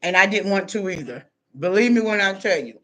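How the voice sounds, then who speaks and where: A tired man hosts a casual livestream from home, snacking as he rambles to his audience. His high, expressive voice moves fairly quickly with a sharp edge, captured on a computer microphone.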